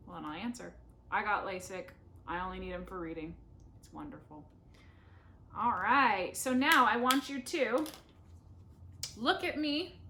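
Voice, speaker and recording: A young woman speech therapist at home, modeling practice questions slowly and deliberately with playful, self-teasing asides. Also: medium pitch, pushed and bright, a little hiss or hum. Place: home living room.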